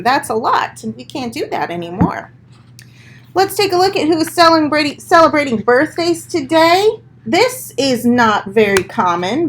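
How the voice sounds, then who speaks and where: A cheerful woman reads the morning school announcements, speaking straight to the children. Her voice sits a little high, and her tone stays upbeat and encouraging. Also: slight background noise.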